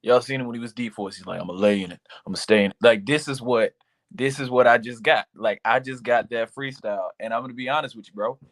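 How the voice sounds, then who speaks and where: Candid, slangy young man delivering a live slam critique at a mid-range pitch, joking as he goes, talking straight to the poet in front of him. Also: brisk, a bit bright. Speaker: judge.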